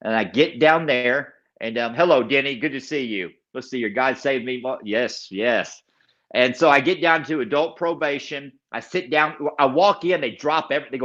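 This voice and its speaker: Male guest, mid-pitched, giving a personal testimony with emphatic repetition. Muffled, low-fidelity recording. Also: moderate pace, a bit bright. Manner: emphatic storyteller, repeats key phrases; acts out other people's lines in the story. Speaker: podcast guest.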